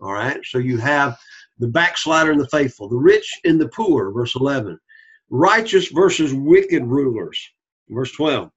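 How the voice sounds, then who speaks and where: A man's voice: fairly high pitch, husky, muffled recording. A man teaching a Bible study lecture, repeating key points and checking in with the class.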